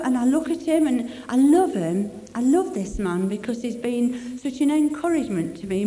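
A woman's voice: high-pitched, a little mellow. A woman giving an emotional personal testimony at a church meeting, talking in a heartfelt, chatty way. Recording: echoey hall with long reverb.

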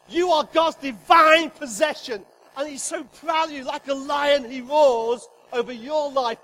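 A man's voice: very high-pitched, normal speed, hardly any pauses, sharp tone, slight background noise, poor audio. A middle-aged man preaching a sermon to a congregation, joking with them and acting out God's voice with emphasis. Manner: humorous, emphatic, acts out God's voice. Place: church hall with congregation.

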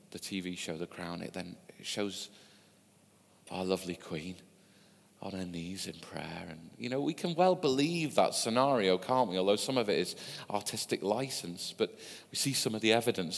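Male preacher, fairly low voice, conversational storytelling sermon. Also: vocal fry. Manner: conversational storytelling with asides to listeners. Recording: long hall reverb.

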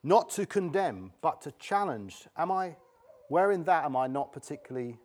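A man's voice: on the high side, sing-song, normal speed, a little mellow. A middle-aged man preaching a sermon, emphatic and repeating key words for stress.

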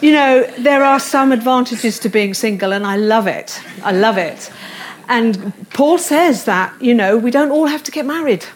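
A woman's voice: on the high side, lively intonation, normal speed. Earnest woman preaching a sermon. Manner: earnest, repetitive affirmations with light self-deprecating humor. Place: church service room.

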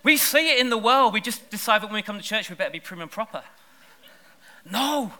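Bright high-voiced preacher. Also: male voice, a little fast. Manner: lively, conversational preaching with bursts of emphasis. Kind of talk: sermon. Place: church service.

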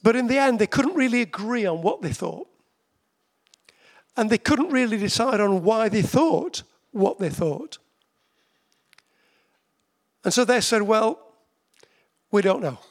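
A man preaching a sermon in a conversational way, slowing down to repeat key phrases with emphasis and asking listeners direct questions. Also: high-pitched, expressive. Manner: conversational, with slow emphatic repetitions.

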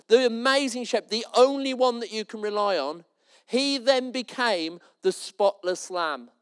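A man's voice: high voice, clear, resonant tone. A man preaching a sermon in a church, conversational and storytelling, with light jokes.

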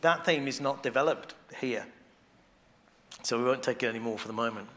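A man preaching a sermon in a conversational way, restarting phrases as he thinks aloud and growing quiet and intimate on devotional points. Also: medium pitch, a little fast.

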